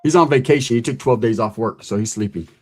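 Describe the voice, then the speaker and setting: A man casually telling a scary camping story, animated and profane, full of street slang and a constant "right?". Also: medium pitch, fast. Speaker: podcast host telling a story.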